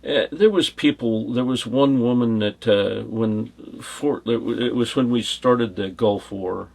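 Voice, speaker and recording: Gravelly, husky man telling stories. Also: mid-range voice, measured pace, darkish tone. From United States. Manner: rambling, anecdotal, chuckles while telling stories. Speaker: former bodyguard interviewee. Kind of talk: casual storytelling interview.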